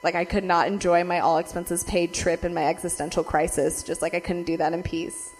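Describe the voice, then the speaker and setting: A young woman telling a story to her viewers. She talks fast with constant "like" fillers, heavy swearing and frequent laughs, and her voice jumps in pitch and loudness as she rants. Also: soft background music. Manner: animated swings in loudness and pitch when ranting. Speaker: vlogger.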